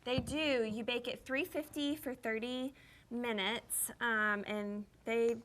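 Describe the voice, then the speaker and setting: Woman guest showing a recipe on tv, friendly and upbeat, higher voice. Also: steady tone, slow, a bit bright, slight background noise. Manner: friendly, upbeat, short replies. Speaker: guest cook. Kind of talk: casual recipe demonstration. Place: television studio kitchen.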